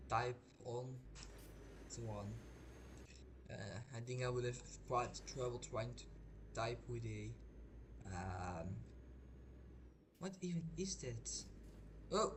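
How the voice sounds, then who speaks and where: A man's voice: mid-range voice, slow pace, pauses often. A man and English speaker, chatting casually over gameplay in a rambling, hesitant way full of restarts. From Belgium. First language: not English. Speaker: gaming streamer. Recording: noisy home mic.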